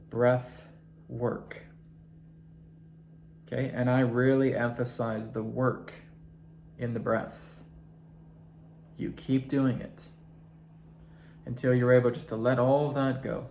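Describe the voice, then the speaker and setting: A man teaching a self-help process, talking slowly and deliberately and counting breaths aloud. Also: medium pitch, vocal fry, darkish tone. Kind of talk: guided instructional talk. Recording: echoey room with faint noise.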